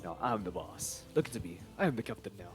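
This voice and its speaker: A man putting on a deep, slow, mock-bossy voice as a pompous self-declared ship captain, joking during a game stream. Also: animated, faint music behind, close to an everyday voice.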